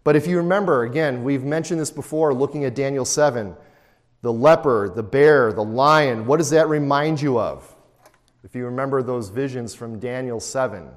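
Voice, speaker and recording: A man's voice: medium pitch, normal speed, big-room sound. A man teaching a Bible study lecture in a conversational way, often putting rhetorical questions to his listeners.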